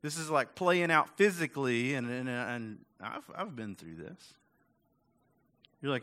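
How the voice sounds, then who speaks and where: Here the man's medium-pitched voice is animated yet measured in pace, with a bright, forceful tone. It's a pastor's relaxed, conversational sermon, loaded with asides and rhetorical questions, and he pokes fun at himself while peppering in "like" and "right?".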